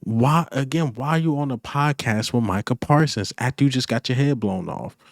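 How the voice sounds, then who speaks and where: A man's voice: mid-range voice, moderate pace, no echo, studio quality. A man hosting a fan channel, giving blunt, repetitive opinion commentary that builds to emphatic points.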